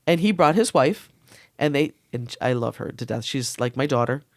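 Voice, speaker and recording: A woman talking openly as a podcast guest, laughing often and sometimes rushing through her words. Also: very deep voice, animated, no room sound, clean studio sound. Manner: candid, laughing, fast bursts. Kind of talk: casual chat.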